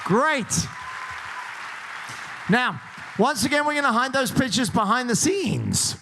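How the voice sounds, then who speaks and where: A man's voice: very high voice, very animated, slow pace, vocal fry, a crowd in the background, noisy background. A man hosting a cruise ship game show, joking and teasing the contestants in upbeat patter.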